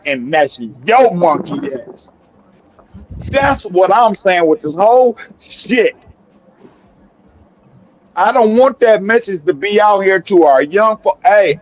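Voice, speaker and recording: A heated man argues on an online panel, swearing often and stumbling through repeated words. His voice sits fairly high. The call audio sounds dull and lo-fi. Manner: heated, profane, stammering repeats. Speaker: panel guest. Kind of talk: heated live panel debate.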